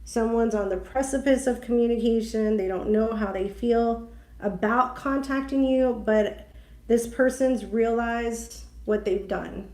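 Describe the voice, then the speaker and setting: A woman's voice: on the high side, a little slow, mellow. A woman giving a chatty, emotional tarot reading, talking her thoughts aloud as she pulls cards. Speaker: tarot reader. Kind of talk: intuitive tarot reading for viewers. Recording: echoey room with faint noise.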